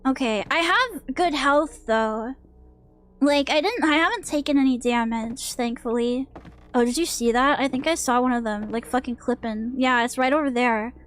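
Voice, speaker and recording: High-voiced woman streaming a horror game. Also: normal speed, faint music behind. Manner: jumpy, swearing, joking to chat. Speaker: VTuber streamer. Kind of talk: casual livestream game commentary.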